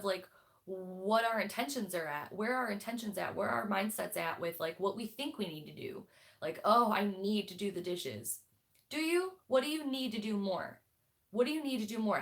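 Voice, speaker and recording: A woman's voice: mid-range voice, a bit bright. Chatty, blunt young woman host. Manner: chatty and blunt, many fillers and restarts. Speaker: book club host. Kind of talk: casual livestream chat.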